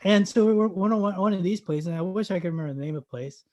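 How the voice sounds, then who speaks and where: A man, an actor guest on a podcast, telling a story in a lively, animated way. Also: sits high, very fast. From Canada. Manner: animated, loud acted-out storytelling.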